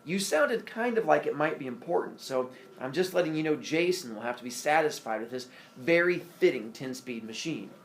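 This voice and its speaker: A man's voice: fairly high pitch, animated, moderate pace. Man reading a curt, suspicious wife. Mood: flat. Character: cool, suspicious wife, a psychiatrist. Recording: roomy room from afar, faint ambience.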